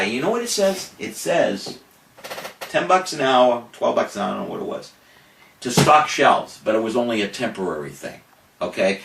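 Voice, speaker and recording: Speaking at a medium pitch with a creaky, fairly bright tone, this older cannabis activist delivers a farewell message. He then tells an animated story to his audience, boastful, profane and theatrical. The recording sounds roomy and faintly noisy, picked up from a distant mic.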